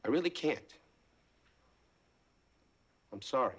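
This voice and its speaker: An actor playing an insulting late-night talk show host with a mocking, theatrical manner in a sitcom. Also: male voice, high voice, sing-song, moderate pace, heavy background noise. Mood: wounded. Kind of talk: 1980s sitcom acting. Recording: loud studio audience laughter.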